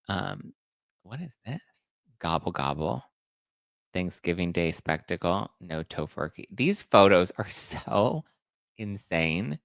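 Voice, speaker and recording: Gossipy guy hosting a celeb chat show, lowish voice, dry close sound. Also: a bit bright, no echo. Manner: chatty, gossipy, talks to viewers while reacting to photos. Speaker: host.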